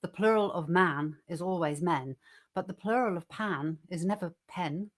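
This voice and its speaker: Woman reading a poem, low voice. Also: normal speed. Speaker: co-host reading poems. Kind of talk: poetry reading and casual chat.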